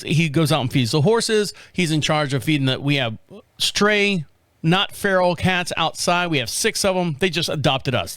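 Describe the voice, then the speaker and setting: A man's voice: on the high side, fairly bright tone, dry recording. A man hosting a casual radio podcast from a studio, telling rambling stories and chuckling often. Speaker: podcast host.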